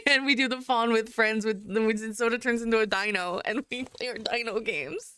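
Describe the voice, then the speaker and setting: A woman's voice: fairly high pitch, normal speed, sharp tone, smooth, no echo, studio quality. A young woman artist chatting casually and giggling while she draws live on stream. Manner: chatty and giggly, rambling with frequent laughs. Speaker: artist livestreamer.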